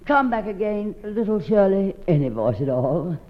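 A woman's voice: mid-range voice, big pitch swings, moderate pace. A woman hosting a live radio variety show, with a theatrical drawl, calling everyone darling. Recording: dull 1950s radio broadcast.

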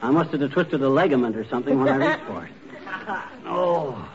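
An actor playing a fussy middle-aged husband groaning about a made-up injury, in 1940s radio comedy style. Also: male voice, a little high, lively intonation, moderate pace, very noisy. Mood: complaining. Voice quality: blustery, whiny groaning. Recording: dull old radio recording with studio audience.

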